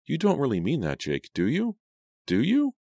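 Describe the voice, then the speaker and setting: A man voicing a frightened, quick-tempered teenage girl in an audiobook, his voice raised and emphatic. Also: wildly swooping pitch, gravelly, warm tone, no echo, studio quality, full character voice. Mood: alarmed. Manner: raised pitch, emphatic outbursts.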